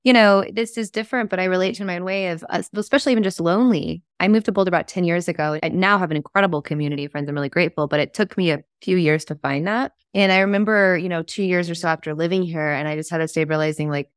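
Woman host, lowish voice, dry close mic, reflective and sincere. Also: very fast, few pauses, smooth, dry recording. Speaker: podcast host. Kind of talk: casual conversation.

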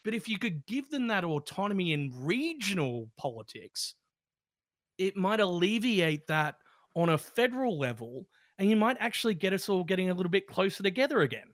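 A man's voice: high voice, sing-song, normal speed, fairly bright tone, no room sound, studio quality. A man with an Australian accent co-hosting a casual opinion podcast, blunt and playful in his asides. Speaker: podcast co-host.

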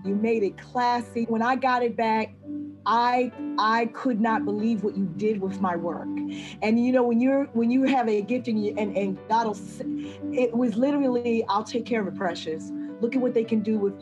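A woman's voice: a little high, music in the background. Emphatic woman chaplain, dull recording. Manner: emphatic, deliberate. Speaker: hospital chaplain and writer. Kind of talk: heartfelt thank-you testimonial.

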